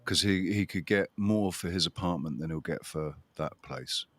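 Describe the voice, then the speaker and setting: A man's voice: low-pitched, normal speed, fairly bright tone, no room sound. A man hosting a livestream in casual chat, rambling and restarting his sentences, with a chuckling laugh. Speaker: livestream host.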